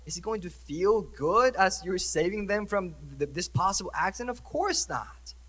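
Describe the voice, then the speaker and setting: A man's voice: sits high, fairly bright tone. A young man, a priest, preaching a conversational sermon and asking the congregation questions. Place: church. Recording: church hall reverb.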